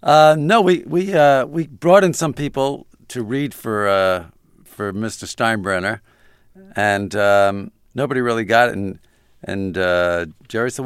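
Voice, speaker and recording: A man, an interview guest and comedy writer, telling halting anecdotes with laughs between lines. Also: lowish voice, clean tone, dry recording, studio quality.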